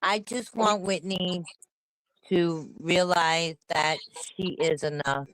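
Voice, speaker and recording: A woman's voice: fairly low pitch, fairly even intonation, slow, a bit bright, no room sound, poor audio. Furious New York woman ranting. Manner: heated, profane, repeats rhetorical questions. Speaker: livestream co-host. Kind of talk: angry livestream rant.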